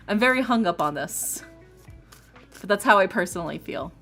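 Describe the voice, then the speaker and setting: A woman's voice: on the low side, a little fast, gravelly. Chatty, opinionated woman streamer. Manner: animated, opinionated, laughs often, emphatic. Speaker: streamer, ASMR creator. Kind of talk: casual chat on a livestream. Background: faint lofi music.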